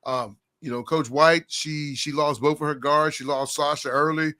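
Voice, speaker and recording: A man hosting a casual high school basketball talk show, rambling and animated, often addressing his co-host. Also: moderate pace. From Oklahoma, US. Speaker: podcast host.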